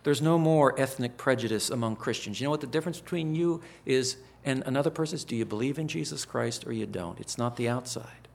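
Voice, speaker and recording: An older man preaches a chapel sermon to students training as pastors. His voice is gravelly and mid-pitched, and he swings between loud, emphatic bursts and quiet, hushed asides. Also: fairly quick, few pauses.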